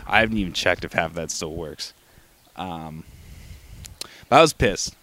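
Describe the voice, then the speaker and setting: A young man with a lowish voice rambles through a casual solo podcast, dropping curses and restarting his sentences. He is coming down with a cold, and his talk stays loose and unpolished. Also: moderate pace, bright, forceful tone, slight background noise. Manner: profane, rambling, with frequent restarts and fillers. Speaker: podcast host.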